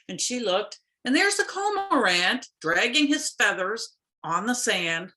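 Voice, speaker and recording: A woman's voice: fairly high pitch, very animated, unhurried, sharp tone. A woman storyteller telling a folk tale expressively over a video call, with playful sound effects.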